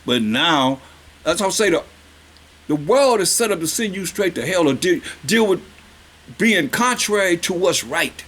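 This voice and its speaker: High-voiced man preaching slowly. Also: expressive, fairly bright tone. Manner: reads verses slowly, then preaches in casual vernacular; questioning, drawn-out emphasis on key words. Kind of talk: sermon with scripture reading.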